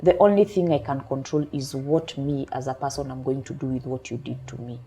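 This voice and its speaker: A woman coach on a talk show, calmly explaining her point through everyday examples. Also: very deep voice. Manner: calm, measured explaining with examples. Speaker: emotional intelligence coach.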